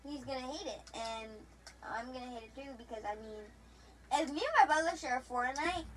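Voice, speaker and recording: A woman's voice: a little high, normal speed, poor audio. A young woman chatting casually with a friend while gaming, rambling with many restarts and playful teasing. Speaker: gamer.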